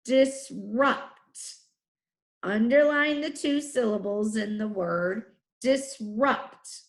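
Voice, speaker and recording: A woman teacher leading a children's phonics lesson, sounding out letters and syllables slowly and clearly. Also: fairly high pitch. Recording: echoey room.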